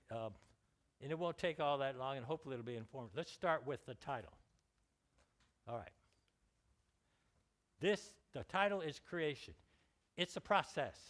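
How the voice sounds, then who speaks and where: A man's voice: on the high side, expressive, moderate pace, long pauses, a bit bright. A man with a Californian American accent giving an informal lecture on scientific writing, chatty, with joking asides and restarted words. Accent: Californian American English. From California, United States.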